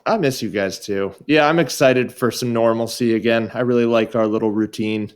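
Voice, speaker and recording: A man's voice: mid-range voice, normal speed, clear, resonant tone. A man co-hosting a podcast, chatting and narrating with dry, wry asides. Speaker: podcast co-host. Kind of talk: casual chat and narration.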